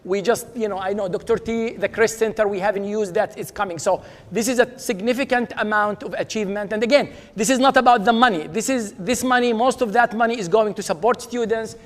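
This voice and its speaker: High-voiced man hosting an awards ceremony. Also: brisk, hardly any pauses. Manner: upbeat, leads applause, names honorees. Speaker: dean presenting awards. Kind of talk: ceremony speech. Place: large auditorium. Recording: reverberant auditorium with audience.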